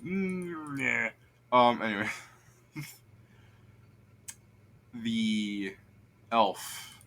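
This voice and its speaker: A man's voice: medium pitch, expressive, drawn-out words, a bit bright, a little hiss or hum. A man as game master narrating a tabletop game on a stream, rambling and laughing, with many fillers.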